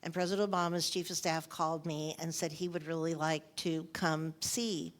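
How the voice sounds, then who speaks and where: A woman's voice: low voice, flat delivery, moderate pace. An older woman in an onstage interview, telling anecdotes in an emotional way and often repeating her phrases. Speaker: interviewed author.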